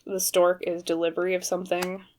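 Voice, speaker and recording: A woman's voice: fairly low pitch, monotone, brisk, darkish tone, a little hiss or hum. A woman giving a pick-a-card tarot reading to camera, speaking hesitantly and carefully with many fillers and restarts. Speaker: tarot reader.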